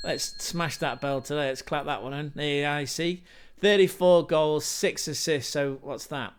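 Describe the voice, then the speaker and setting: A man's voice: on the high side, clean tone. A man hosting a football channel, talking through stats in a chatty, rambling way with asides to viewers. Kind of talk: casual football stats commentary.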